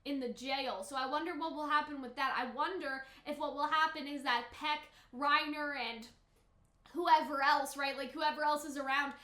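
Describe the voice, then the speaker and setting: A woman's voice: sits high, fairly even intonation, moderate pace, bright, forceful tone, reverberant. A woman giving casual reaction commentary on an anime, talking in a chatty, emotional way full of fillers, at her computer at home.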